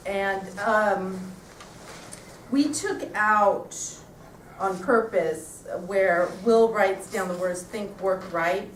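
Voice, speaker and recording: A woman's voice: medium pitch, very slow, slight background noise. Woman giving casual rehearsal notes. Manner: casual, many fillers like "you know" and "like". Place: theater stage. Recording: echoey stage from far off, faint ambience.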